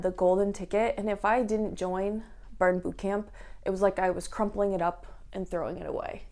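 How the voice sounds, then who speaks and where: A woman's voice: mid-range voice, a little mellow. Chatty young woman vlogging, many fillers. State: tearful at moments. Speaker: fitness vlogger. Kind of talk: personal vlog talk.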